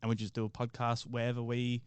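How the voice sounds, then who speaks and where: Laid-back Australian podcast bloke. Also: male voice, medium pitch, monotone, fast talker, clear, resonant tone, dry recording. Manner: laid-back, jokey with slang. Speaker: podcast co-host. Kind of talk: casual chat.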